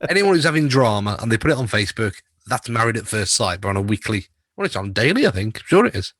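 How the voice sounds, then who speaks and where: A man's voice: fairly low pitch, very animated, fast talker, a bit bright, no room sound, studio quality. A man co-hosting a podcast in a casual chat, telling stories and laughing often. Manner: chatty storyteller who laughs often. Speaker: podcast co-host.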